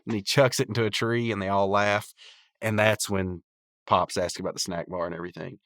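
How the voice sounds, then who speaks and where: A man's voice: fairly low pitch, fairly even intonation, a little fast, fairly bright tone, no room sound, studio quality. A man hosting a podcast, recapping a cartoon episode in a rambling, chatty way full of restarts. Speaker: podcast host.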